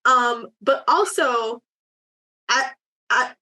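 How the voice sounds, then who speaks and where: A woman's voice: a little high, drawn-out words, pushed and bright. A woman in her thirties chatting casually, telling frank personal stories. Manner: candid, frank storyteller. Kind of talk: casual chat.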